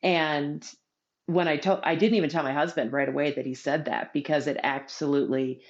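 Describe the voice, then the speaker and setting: A middle-aged woman with a low voice talks earnestly and reflectively in a casual chat. Her audio sounds dull and lo-fi. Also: steady tone, a little fast. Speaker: podcast guest. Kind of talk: casual conversation.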